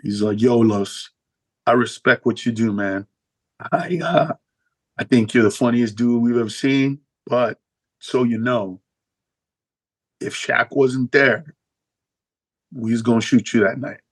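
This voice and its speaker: Comic's impression of a blunt, husky street tough, flat and matter-of-fact. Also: male voice, unhurried, long pauses, no room sound. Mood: blunt, apologetic. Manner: blunt street slang, calm and low. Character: street-tough man apologizing for a threat.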